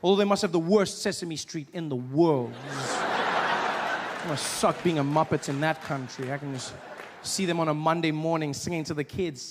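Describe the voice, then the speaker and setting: A man's voice: a little high, a little fast, long reverb tail, noisy background. A man in his twenties from South Africa performing a stand-up comedy set, acting out voices. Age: 20s. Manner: animated, acts out voices and accents. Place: live comedy stage.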